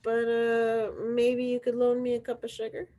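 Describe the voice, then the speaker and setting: A woman's voice: fairly high pitch, monotone, moderate pace, mellow, voice pushed up, natural voice. A sneezy male wolf from a storybook, sly and full of excuses, read out by a woman. He tells his tale with wry asides and a put-upon air.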